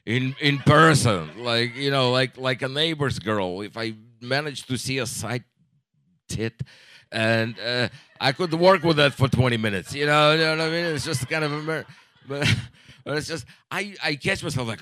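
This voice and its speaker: Deadpan and rambling, a forties-aged man works through a stand-up routine full of profanity and stop-start restarts. His pitch is medium, and there's no echo.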